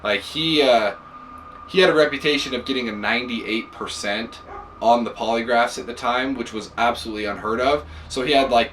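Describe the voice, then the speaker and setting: A man hosting a podcast who retells a story in a casual, animated way, with many fillers. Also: medium pitch, recorded from a distance, slight background noise, poor audio. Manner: animated, relaxed, filler-heavy. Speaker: podcast host.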